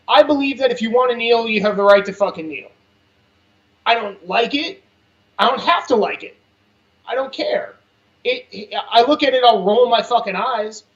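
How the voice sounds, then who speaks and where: A man in casual political chat, talking bluntly and cursing freely. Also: very high-pitched. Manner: blunt and profane, animated. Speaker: podcast guest. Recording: dull lo-fi sound.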